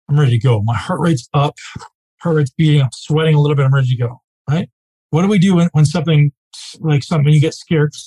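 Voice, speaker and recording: A man teaching a live group as a coach, speaking casually and emphatically, often checking in with a quick "right?". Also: a little high, dark tone, slightly rough, poor audio.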